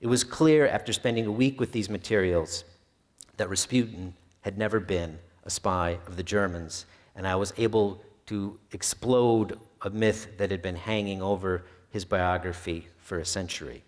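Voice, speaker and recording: A man's voice: low voice, moderate pace. A male historian giving a public talk about his book, telling anecdotes in an easygoing way with occasional filler hesitations. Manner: relaxed storyteller with some filler hesitations. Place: library event hall. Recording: long reverb of a hall.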